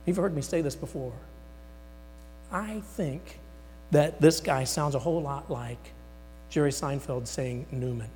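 A man preaching a sermon, dramatically voicing the words of God and Moses, swinging between loud emphasis and near-whispers. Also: mid-range voice, unhurried, pauses often. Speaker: pastor. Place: church sanctuary. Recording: long hall reverb with mains hum.

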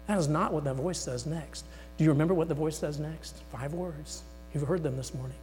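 A man's voice: on the high side, brisk, soft background music. Dramatic preacher man in a reverberant hall. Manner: dramatic, voices the words of God and Moses; swings between loud emphasis and near-whispers. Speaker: pastor. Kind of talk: sermon. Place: church sanctuary. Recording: long hall reverb with mains hum.

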